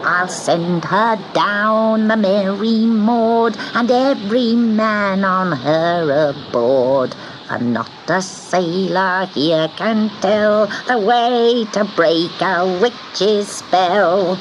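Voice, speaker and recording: A scheming sea witch , put on by a woman, drawls her curses slowly in a sing-song chant. She turns short and snappish when crossed. Faint hiss runs under the storybook recording. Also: on the low side, animated, poor audio. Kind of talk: storybook narration.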